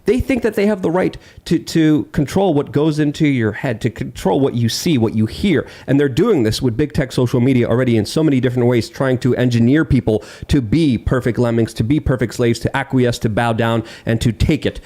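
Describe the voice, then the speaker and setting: A man's voice: medium pitch, fairly quick, hardly any pauses, dark tone. A man on a political talk show panel, ranting heatedly in long run-on lists.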